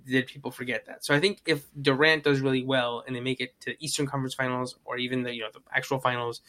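A man's voice: medium pitch, level tone, fast talker, sharp tone. A man talking basketball in a loose, rambling, profane way, often mimicking people. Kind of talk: casual sports chat.

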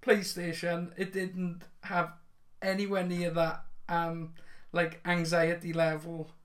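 A man's voice: high voice, monotone, slow, a bit bright. A man co-hosting a casual podcast, self-mocking and laughing often. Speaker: podcast co-host. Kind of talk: casual chat.

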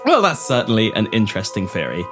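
A man's voice: on the low side, wildly swooping pitch, fast, faint music behind. A man hosting a podcast and narrating his own comic mystery play in a theatrical, wordy way. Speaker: host and writer. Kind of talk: theatrical narration and casual chat.

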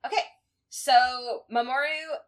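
Bright-voiced woman podcast co-host. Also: high-pitched, takes it slowly. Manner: animated, laughing recaps. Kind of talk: casual chat.

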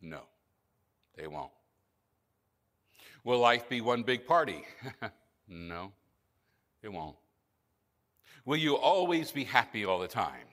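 A male pastor preaching a sermon in an earnest manner, often dropping to a soft, low voice for emphasis. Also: sing-song, slow pace, pauses often. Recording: church hall reverb.

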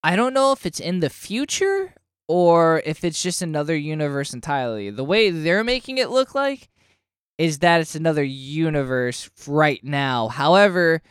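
A man co-hosting a casual podcast, reviewing comics and getting animated and swearing when worked up. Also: fairly high pitch, moderate pace, clear, resonant tone, no echo, clean studio sound. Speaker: podcast co-host.

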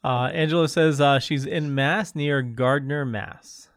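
Male host, casual chat, slow unhurried delivery, reads viewer comments. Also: a little high, steady tone, no room sound, clean studio sound. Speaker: show host.

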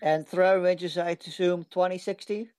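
A man's voice: sits high, steady tone, moderate pace, darkish tone, clean tone. A man in casual tabletop game chat, using a slightly posh voice, eager and full of rules questions. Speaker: player.

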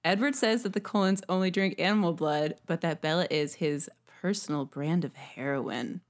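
A woman host running through a film's plot in a casual podcast chat. Her delivery is dry and wry, sitting on the lower side. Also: moderate pace.

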